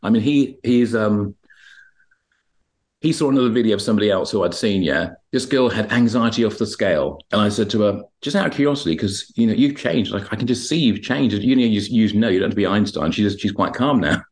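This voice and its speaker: Rambling low-voiced male hypnotherapist. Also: fairly quick. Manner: rambling, acts out dialogue when retelling sessions. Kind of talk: podcast interview, anecdotal storytelling.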